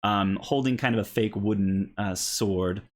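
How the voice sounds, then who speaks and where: A man's voice: fairly low pitch, measured pace. A man narrating a tabletop role-playing game as game master, rambling with many ums and restarts.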